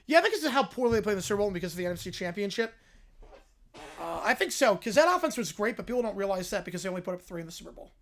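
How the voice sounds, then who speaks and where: A woman hosting a livestream, chatting casually, laughing a lot and reacting loudly. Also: mid-range voice, big pitch swings, racing. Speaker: livestream host.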